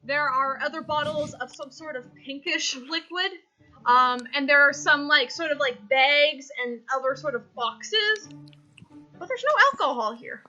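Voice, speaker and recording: Bright, chaotic woman game master. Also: high voice, lo-fi sound, faint music behind. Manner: chaotic, laughing, quick asides. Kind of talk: running a tabletop game.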